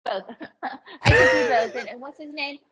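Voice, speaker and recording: Animated woman telling stories. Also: high voice, noisy background. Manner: animated storyteller, swearing, quick quoted voices. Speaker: comedian and ventriloquist guest. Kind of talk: casual podcast storytelling.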